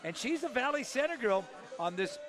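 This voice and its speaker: A man's voice: extremely high pitch, sing-song, fairly quick. A man doing play-by-play for a tennis broadcast, talking energetically and emphatically and sometimes restarting his sentences. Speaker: play-by-play commentator.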